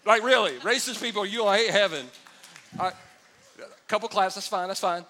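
A man preaching a lively sermon to a congregation, joking with the crowd and building up to shouts. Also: high-pitched, brisk. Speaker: pastor.

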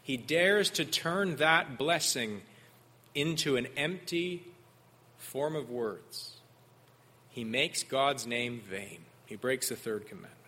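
A man preaching an expository sermon, earnest and measured. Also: medium pitch, expressive, bright, forceful tone, husky. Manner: earnest expository preaching, mimics sarcastic voices in quotes.

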